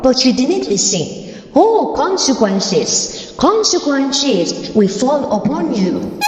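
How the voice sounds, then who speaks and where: A woman voicing a chorus of vengeful female witch spirits speaking through a possessed girl, with slow, drawn-out, menacing wails under a ghostly reverb. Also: high-pitched, sing-song, background noise, exaggerated voice. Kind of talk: storybook narration acting. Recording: echoey, long-reverb, muffled.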